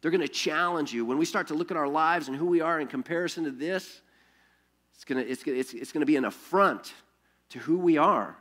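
A pastor delivers a sermon in a lively storytelling manner, peppering his talk with rhetorical questions and quick restarts. His voice is a man's, pitched a little high.

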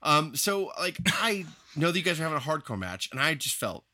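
Joking man with a very lively voice. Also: a little high, fairly quick. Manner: crude, joking, puts on a southern accent. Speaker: podcast co-host. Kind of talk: casual chat about wrestling.

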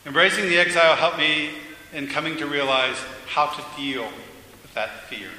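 A man's voice: on the high side, moderate pace, pushed and bright. A man preaching a sermon in a church, earnest and candid, sometimes restarting his sentences. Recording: echoey church hall with faint noise.

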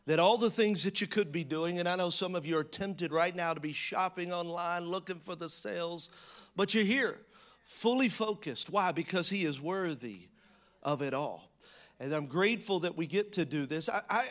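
High-voiced joking male pastor. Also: fairly bright tone. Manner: conversational and joking, telling stories to a congregation. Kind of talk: sermon.

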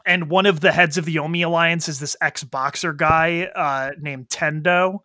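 A man in casual chat who animatedly retells a video game story. He swears freely and acts out the characters in quick quoted lines. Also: fairly high pitch, fairly even intonation, sharp tone, dry recording, studio quality.

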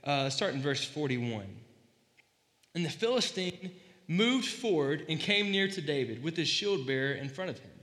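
A man giving a casual, animated sermon, joking and acting out quoted lines as he retells a story. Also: a little high, moderate pace. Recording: echoey hall, voice slightly distant.

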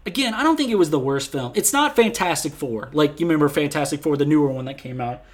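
A man in casual podcast chat, reviewing a film with animated, profane, exasperated rants. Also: fairly high pitch, quick pace.

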